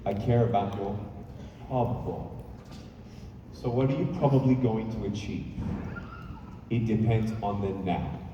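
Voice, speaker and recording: A man giving an animated motivational speech from a stage, telling stories with playful asides to the crowd. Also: fairly low pitch, a little slow, pauses often, highs cut off, background noise. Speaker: motivational speaker. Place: large hall on stage. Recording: echoey hall from far off.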